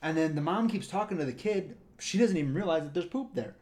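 A man's voice: on the high side, expressive, fast, darkish tone. A man co-hosting a casual podcast, telling a rambling anecdote about his work in a park and acting out the people in it. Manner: rambling, acts out voices in anecdotes. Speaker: park ranger and podcast co-host. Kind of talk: casual storytelling.

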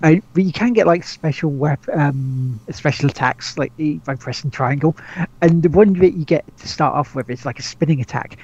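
Man, gravelly voice, a bit high, casual gaming podcast chat, stumbles and repeats words, lo-fi sound. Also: moderate pace, darkish tone. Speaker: podcast co-host.

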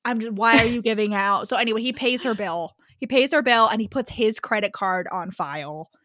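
A young woman recapping a story in casual chat, animated and full of mock outrage, peppered with "like". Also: a little high, brisk, no room sound, studio quality.

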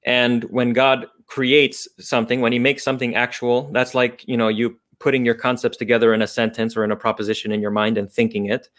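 A man appearing as a guest explains philosophical ideas off the cuff, thinking aloud with frequent restarts and fillers. His medium-pitched voice is level and fairly bright, and he talks a little fast with hardly any pauses.

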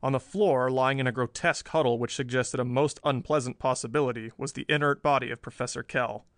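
A man's voice: medium pitch, steady tone, a little fast, dry recording. Man narrating a thriller, dry close sound. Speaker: audiobook narrator. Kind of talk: scripted narration of a pulp thriller.

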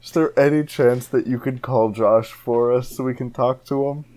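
A man hosting a comedic prank call, excitably playing along with the characters. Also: medium pitch, normal speed. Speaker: prank caller.

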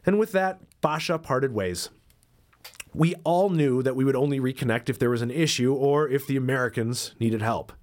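A man's voice: mid-range voice, moderate pace, a little mellow. A man hosting a podcast, reading a travel story aloud and breaking off for wry, self-deprecating jokes. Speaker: podcast host and dairy farmer.

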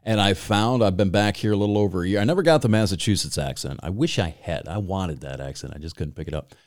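A podcast host with a Michigan accent, chatting casually and telling rambling stories with plenty of swearing. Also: male voice, low-pitched, quick pace, no room sound, clean studio sound. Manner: profane, rambling, storytelling. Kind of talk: casual chat.

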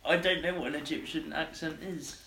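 A man's voice: on the high side, fairly even intonation, brisk, crowd noise. A man co-hosting a podcast and playing a party game. He grumbles in mock annoyance, swears and laughs along. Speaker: podcast co-host. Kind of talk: casual banter while playing a party game.

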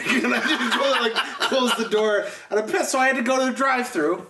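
A man's voice: very high voice, brisk, few pauses, pushed and bright, distant mic. A man hosting a casual podcast, telling a profane story with lots of laughs. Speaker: podcast host. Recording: echoey room with faint noise.

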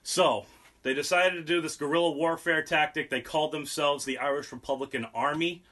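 Bright-voiced sarcastic young man. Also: on the high side, fairly even intonation, brisk. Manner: profane, sarcastic, rambling. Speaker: podcast host. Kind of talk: casual podcast banter and history segment.

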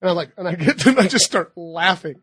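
Husky guy w a high lively voice, dry close sound, cracking up as he tells stories on a podcast. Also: fast talker, no room sound. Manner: animated storyteller, laughs often, yells in retellings. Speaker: podcast co-host; teacher. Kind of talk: casual chat.

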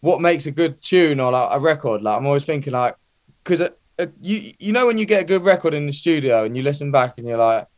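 A man's voice: fairly high pitch, expressive, fast talker. A man, a music producer in a casual chat, who rambles and keeps restarting his sentences in slangy talk.

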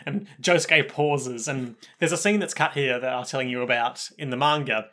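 A man's voice: medium pitch, moderate pace. A man co-hosting a casual podcast, retelling an anime episode with laughs and acted-out lines. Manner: animated retelling, acts out characters' lines with laughs. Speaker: podcast co-host. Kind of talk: casual anime recap chat.

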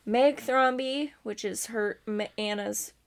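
A woman's voice: a little high, slow, creaky. A young woman co-hosting a casual podcast, chatty and giggly, often stumbling over names. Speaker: podcast co-host. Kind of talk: casual chat.

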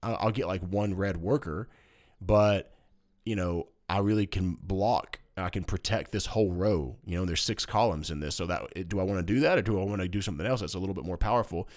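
A man's voice: low voice, fairly quick. A man co-hosting a casual board game podcast, joking and explaining rules at length. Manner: animated, jokey, rambling explanations. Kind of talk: casual chat. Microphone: studio microphone.

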